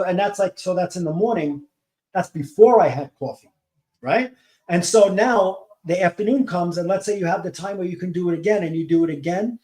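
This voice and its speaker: High-voiced man rambling in an echoey room. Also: warm tone. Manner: rambling, many restarts and fillers. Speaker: podcast host. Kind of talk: casual monologue.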